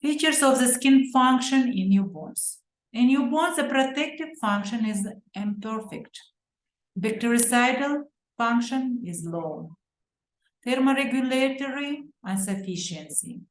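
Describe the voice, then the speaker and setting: A woman with an Uzbek accent giving a medical lecture from slides, reading deliberately and pausing on fillers and self-corrections. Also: fairly high pitch, lively intonation. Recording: roomy echo.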